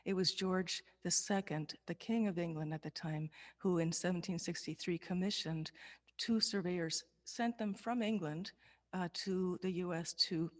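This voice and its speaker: A woman, a folk musician, chatting casually between songs at an online concert, soft-spoken and hesitant with many ums and restarts. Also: on the low side, unhurried. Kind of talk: casual between-song chat at a virtual concert. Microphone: video call.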